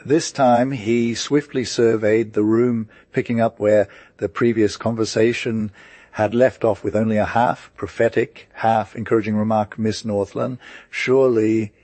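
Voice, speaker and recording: Man narrating a storybook, steady and unhurried; low-pitched, dry and close. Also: dry recording. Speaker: audiobook narrator. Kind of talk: audiobook narration.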